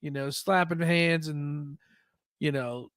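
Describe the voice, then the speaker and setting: A male podcast host in casual chat, with a slightly high voice. He stumbles and restarts his words often. The sound is dry and close. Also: slow pace, fairly bright tone, no room sound. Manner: stammers and restarts a lot.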